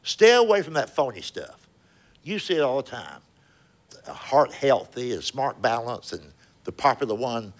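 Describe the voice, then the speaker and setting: Very animated yet a bit slow, this older man's medium-pitched voice leaves long pauses, with a little hiss or hum in the recording. He's a stand-up comedian on a comedy club stage, telling folksy Southern stories with drawling punchlines before chatting.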